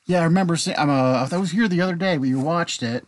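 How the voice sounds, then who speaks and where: A man's voice: on the high side, fast. A man co-hosting a podcast in casual chat, giving brief, laid-back replies. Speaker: podcast co-host.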